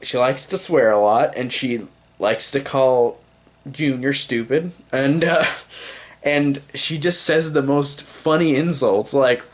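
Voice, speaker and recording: A young man talks through a movie review in a loose, unscripted way. His voice sits at an ordinary middle pitch, and he rambles with eager enthusiasm, full of fillers. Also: takes it slowly. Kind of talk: casual spoken movie review.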